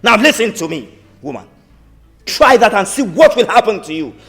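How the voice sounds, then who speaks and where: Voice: medium pitch, sing-song, normal speed, a bit bright, reverberant, recorded from a distance. A performer with a Nigerian accent playing an outraged uncle, brother of the dead man, who makes accusing demands in a film drama. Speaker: brother-in-law.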